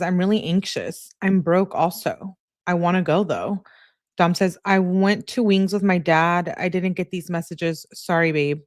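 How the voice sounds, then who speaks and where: A woman casually reading out an exchange of text messages in a plain conversational way, pausing for asides and correcting herself. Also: on the low side, dry recording, clean studio sound.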